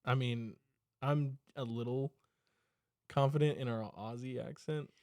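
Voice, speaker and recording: A man's voice: medium pitch, steady tone, unhurried, mellow, dry recording. A man co-hosting a podcast, chiming in with casual joking side comments. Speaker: podcast co-host. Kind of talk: casual chat.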